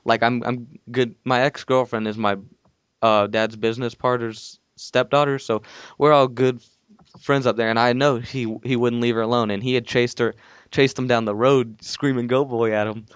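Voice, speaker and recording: A young man calls in from home to tell a long, rambling story, circling back and restarting as he goes. His voice sounds smooth and clear. The audio is dull and muffled, dry with no room sound. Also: mid-range voice, fairly even intonation, moderate pace, no room sound. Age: young adult. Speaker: podcast co-host. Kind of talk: casual storytelling. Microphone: call-in from home.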